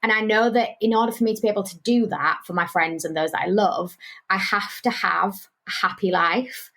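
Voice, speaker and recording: Animated British woman telling a story. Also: medium pitch, brisk. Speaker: podcast guest, business owner. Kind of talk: casual interview chat.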